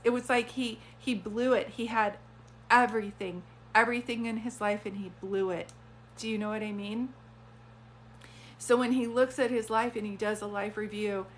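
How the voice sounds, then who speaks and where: A woman's voice: mid-range voice, a bit bright, a little hiss or hum. A woman working as a psychic medium, giving an earnest, conversational reading on a live stream. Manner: earnest, conversational, relays messages.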